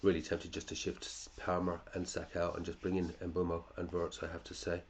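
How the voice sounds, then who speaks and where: A man's voice: low-pitched, completely flat delivery, fairly quick, a little hiss or hum. A male fantasy football podcast host in casual chat, running through listeners' teams, chatty, with muttered asides and casual swearing.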